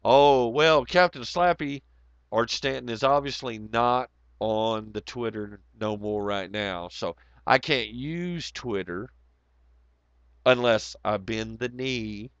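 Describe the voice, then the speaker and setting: Hoarse man, smooth tone, profane rambling stream host, dry dull recording. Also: lowish voice, slow pace, no echo. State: hoarse, voice nearly gone. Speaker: livestream host. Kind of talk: casual livestream chat.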